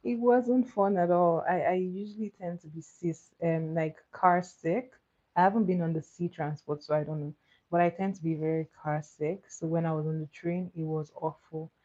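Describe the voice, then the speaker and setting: A woman's voice: on the low side, steady tone, normal speed, warm tone. A woman chatting casually with live viewers while doing her makeup. She answers their comments and laughs often. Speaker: makeup livestream host. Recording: slightly muffled, dull sound.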